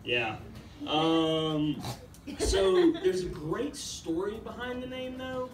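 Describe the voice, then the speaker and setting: Laid-back Ethiopian-born young comedian. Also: male voice, high voice, slow. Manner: rambling, laid-back storytelling with frequent swearing. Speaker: stand-up comedian. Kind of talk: stand-up comedy set. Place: open-mic comedy room. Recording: roomy, distant room mic with faint background noise.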